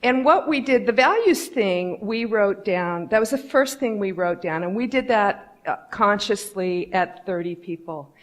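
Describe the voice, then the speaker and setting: Woman telling stories onstage, candid and lively, middle-aged, acts out the people she quotes. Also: medium pitch, measured pace, hardly any pauses. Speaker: conference speaker. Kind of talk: storytelling keynote talk.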